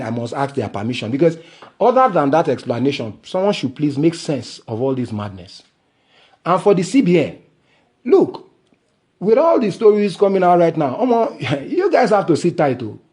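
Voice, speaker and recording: A Nigerian man with a somewhat husky, slightly high voice, ranting on his own podcast. He sounds indignant and mixes Pidgin into his English, and his pitch leaps and drops widely as he talks. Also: a little mellow. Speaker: podcast host. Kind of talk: angry solo podcast rant.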